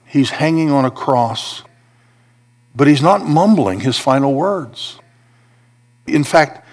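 Guy preaching a sermon, slightly high voice that swings way up and down, hammers his points again and again. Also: creaky, husky. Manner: preaching with rising intensity and repeated emphatic phrases. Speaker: pastor.

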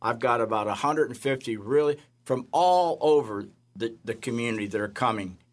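An animated male storyteller who works as a chaplain and recounts faith stories in an interview. He jumps in pitch as he acts out the other people in each tale. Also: normal speed. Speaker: jail chaplain.

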